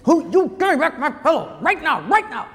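A man putting on a shrill, tiny scolding mother. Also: sing-song, gravelly, a bit bright, full character voice. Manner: shrill, rapid threats. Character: tiny scolding mother, short-tempered, threatening. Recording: long echoey hall reverb.

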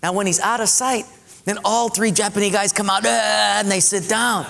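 A man's voice: sits high, a little fast, gravelly, bright, forceful tone, long reverb tail, faint music behind. A man preaching a sermon, telling a story animatedly and acting out the voices.

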